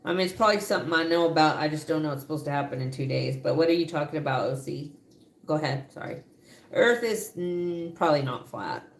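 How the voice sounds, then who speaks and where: A woman's voice: sits low, animated, fast talker, reverberant. Texan woman chatting on a home livestream. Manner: chatty, teasing, reads viewer comments aloud. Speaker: co-host of a livestream. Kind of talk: casual livestream chat. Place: home kitchen.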